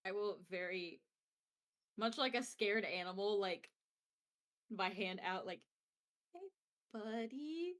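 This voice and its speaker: A woman player in a tabletop game, describing her actions in a casual, halting way full of fillers. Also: medium pitch, steady tone, fairly bright tone.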